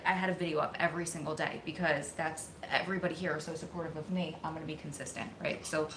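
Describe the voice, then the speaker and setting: A woman vlogger telling a story to her viewers in an excited, emotional, rushing way. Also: sits low, background noise. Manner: excited, emotional, talks fast in bursts. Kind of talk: casual storytelling to camera. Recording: echoey room.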